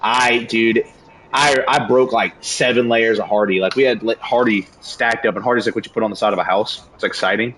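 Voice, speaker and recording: A young man streaming a game, telling a story in a casual, animated rant full of slang and cursing. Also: medium pitch, fairly quick, a little hiss or hum, rough recording. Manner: animated, profane, slangy ranting. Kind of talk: casual storytelling while gaming.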